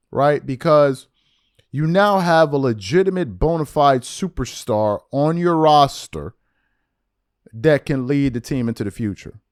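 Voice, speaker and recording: Dude with a high voice going off on a blunt fired-up sports rant, dry close mic. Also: male voice, dry recording. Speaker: commentary host. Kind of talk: heated sports commentary rant.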